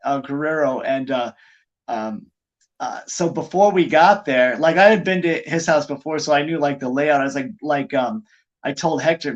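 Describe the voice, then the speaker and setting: A middle-aged man tells wrestling-locker-room stories in a lively, rambling podcast chat, leaning on "like" as he goes. His voice sits a little high for a man. The recording is muffled and lo-fi. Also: moderate pace. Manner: animated anecdote-telling, heavy use of "like". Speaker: pro wrestler guest. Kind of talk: casual podcast storytelling.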